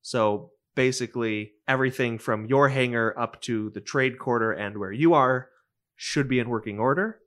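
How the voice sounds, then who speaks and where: A man running a tabletop game, describing scenes at a middle pitch and an easy pace. He laughs often between his lines of narration. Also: moderate pace, fairly bright tone. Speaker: game master.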